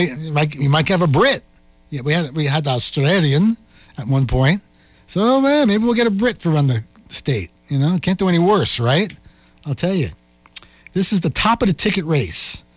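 Lively wisecracking male radio host. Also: fairly high pitch, dry recording. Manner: animated, wisecracking and sarcastic. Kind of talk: casual on-air commentary. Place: radio studio.

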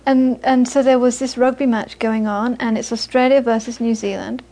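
Brief: woman, Buddhist teacher with a high voice, animated storyteller who turns gentle and earnest in teaching. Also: moderate pace. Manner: lively storytelling, acts out the people she quotes. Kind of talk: dharma talk to a small audience.

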